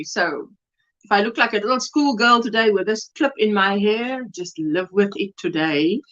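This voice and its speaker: A South African woman hosts a casual crochet livestream over a webcam mic, chatting, laughing often and greeting viewers by name. Her medium-pitched voice is animated at a normal speed, and the recording sounds muffled.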